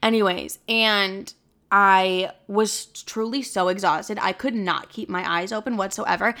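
A woman in her twenties talks straight through a casual solo podcast, with a bright, forward voice at an ordinary pitch. She is chatty and dramatic and swears freely as she rambles. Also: fairly even intonation, a little slow. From Chicago. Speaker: podcast host.

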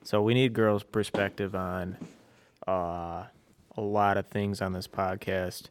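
A man with a somewhat low voice hosts a casual podcast. He talks loosely and hesitantly, with plenty of filler and casual swearing. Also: steady tone, takes it slowly, slight background noise. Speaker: podcast host.

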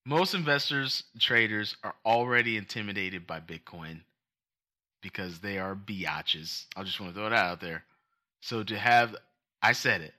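A man's voice: on the low side, moderate pace. A young man co-hosting a casual podcast, telling stories with animation and ranting with passion. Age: young adult. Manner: animated storytelling, mocking put-on voices; rants with passion. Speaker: co-host.

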